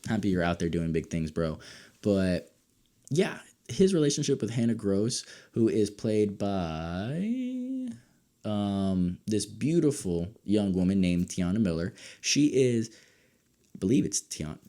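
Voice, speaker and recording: A young man with a low, dark-toned voice reviews a show casually and excitably. He drops into soft mutters, then bursts out loud and high. His pitch sits deep, and his tone stays mellow. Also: slow. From United States. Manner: excitable, animated, swings between low mutters and loud outbursts. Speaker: podcast host reviewing a show.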